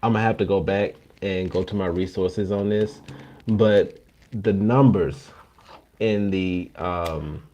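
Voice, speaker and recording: A man co-hosting a livestream, explaining things in a measured, casual way with many pauses. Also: deep voice, warm tone, highs cut off, slight background noise. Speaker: co-host.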